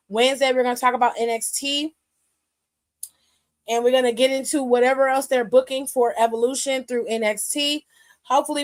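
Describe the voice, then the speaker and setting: A high-voiced woman hosts a casual wrestling aftershow, sharing blunt opinions and swearing freely. She sounds loose and unscripted, talking straight to her viewers. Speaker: wrestling show host.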